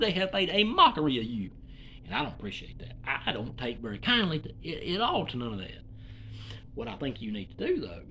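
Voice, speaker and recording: A man from Alabama with a Southern drawl rambles through a comedic monologue, folksy and cussing freely. His voice sits high and leaps all over the place. A faint hiss runs under the recording. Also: a bit bright. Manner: folksy, profane, meandering.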